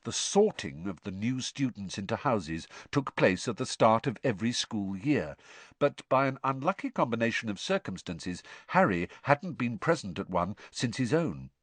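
A man narrating an audiobook in an animated storytelling manner. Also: lowish voice, moderate pace, dry recording. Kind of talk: scripted narration.

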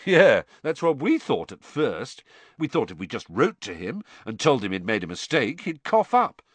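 A man's voice: medium pitch, very animated, normal speed, fairly bright tone, no echo. A man voicing a cheeky teenage boy prankster with a wry, breezy manner.

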